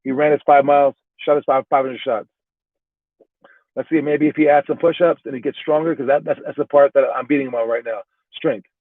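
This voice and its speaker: A man's voice: mid-range voice, steady tone, a little fast, no room sound. A man giving a casual motivational talk as a youth basketball trainer, rambling and restarting his words as he goes. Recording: tinny phone-like sound, dry.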